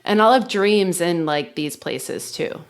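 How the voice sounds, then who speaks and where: A woman's voice: on the low side, expressive, measured pace, smooth. A woman co-hosting a podcast in casual chat, talking in a chatty way with lots of filler words. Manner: chatty, heavy use of "like". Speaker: podcast co-host.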